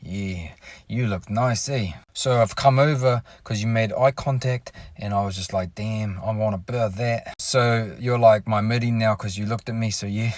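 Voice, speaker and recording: A man's voice: fairly low pitch, steady tone, normal speed, a little mellow, no echo, natural voice. A man putting on a cocky, blunt bloke with a broad New Zealand accent chatting up a girl. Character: cocky bogan Kiwi guy chatting up a girl.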